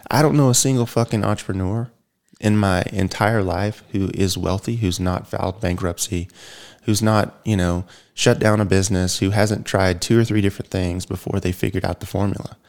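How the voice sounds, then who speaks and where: A man's voice: low voice, fairly even intonation, normal speed, creaky, a little mellow. A man speaking as an interview guest in a casual, rambling monologue, blunt and peppered with fillers and swearing.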